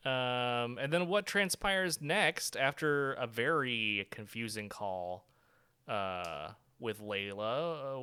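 A man's voice: mid-range voice, sharp tone, smooth. A man co-hosting a podcast, chatting about a TV episode, laughing often and correcting himself as he goes. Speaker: podcast co-host. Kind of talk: casual chat reviewing a TV episode.

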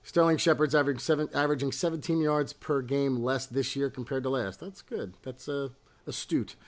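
A man's voice: mid-range voice, fairly quick. A man co-hosting a sports podcast, casually reading out listener questions and laughing often. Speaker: podcast co-host.

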